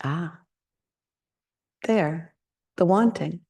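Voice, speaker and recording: A woman teaching meditation in a dharma talk, her voice low-pitched and warm. She speaks in a reflective, candid way and often poses questions to her listeners. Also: drawn-out words, gravelly, husky.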